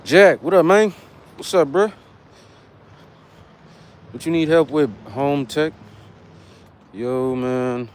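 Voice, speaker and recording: A man's voice: a little high, slow pace, long pauses. An American man chatting casually with slang to livestream viewers while walking outdoors for cardio. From United States. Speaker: fitness vlogger. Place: outdoors on an urban street, walking. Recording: faint traffic noise outside.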